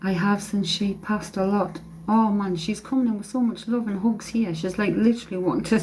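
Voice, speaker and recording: A woman's voice: mid-range voice, normal speed, few pauses, a little mellow, slight background noise, poor audio. A woman working as a psychic medium, giving a live-stream reading in a hesitant way, repeating phrases and humming song lines, speaking into a phone.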